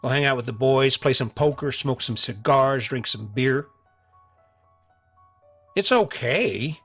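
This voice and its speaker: A man's voice: medium pitch, animated, slow pace, a bit bright, soft background music. A middle-aged man hosting a podcast, talking earnestly and casually to listeners, often repeating himself and restarting his sentences. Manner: earnest, repetitive, conversational with many restarts. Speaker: podcast host. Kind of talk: motivational solo podcast monologue.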